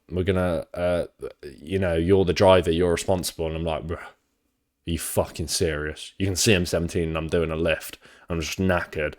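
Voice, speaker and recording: Young british man, very low voice, rambling, sweary, casual stream talk. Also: darkish tone.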